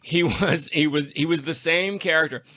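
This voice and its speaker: A man's voice: fairly high pitch, normal speed, bright, forceful tone. A man hosting a podcast in casual chat, an effusive storyteller who gushes with enthusiasm. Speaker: podcast host.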